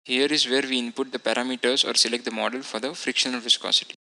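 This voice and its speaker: A man narrating a technical software lecture, explaining each model setting in a methodical way and now and then correcting himself. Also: medium pitch, fairly even intonation, quick pace, creaky, poor audio. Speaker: instructor.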